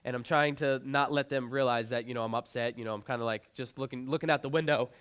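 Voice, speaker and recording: A man's voice: mid-range voice, fairly even intonation, quick pace, a bit bright, clean tone. A young man giving an inspirational keynote speech on a conference stage, telling a personal story earnestly into a stage microphone, often restarting and repeating his phrases. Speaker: motivational speaker.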